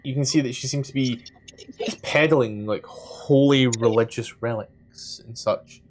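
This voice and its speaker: A man running a tabletop game as dungeon master, describing scenes in a halting way with lots of fillers. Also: medium pitch. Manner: halting description full of "like" and "kinda".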